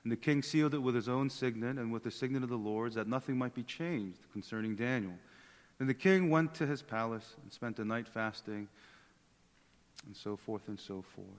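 A man in his thirties, a pastor preaching a sermon in a relaxed, joking, conversational way that often repeats words. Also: mid-range voice, normal speed. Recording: long hall reverb.

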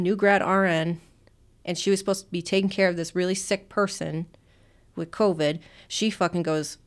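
A woman nurse on a podcast, telling a story in casual chat, swearing a lot, animated and laughing often. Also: lowish voice.

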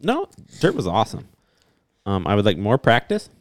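Young male co-host, animated pitch, dry close sound, blunt and jokey. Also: normal speed, no room sound. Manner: blunt, joking, laughs a lot. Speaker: podcast co-host. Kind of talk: casual chat.

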